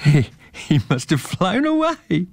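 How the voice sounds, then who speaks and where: A man's voice: very high-pitched, lively intonation, moderate pace, no room sound, pitched above the performer's own voice. A man voicing a curious, anxious young boy in a storybook reading. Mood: eager. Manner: eager, stammering questions.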